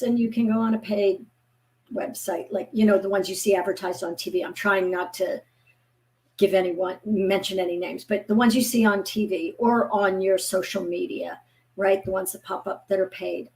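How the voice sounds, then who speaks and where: A woman in her fifties, a guest author, chatting casually and telling lively stories, acting out the voices of people she quotes. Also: mid-range voice. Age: 50s. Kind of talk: casual chat.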